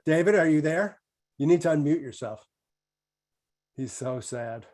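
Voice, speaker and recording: A man in casual conversation over a video call, rambling from one thought to the next and amused by his own stories. his voice sits a little higher than most men's and wanders through filler words. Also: expressive, measured pace, darkish tone. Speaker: comedian guest. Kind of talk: casual chat.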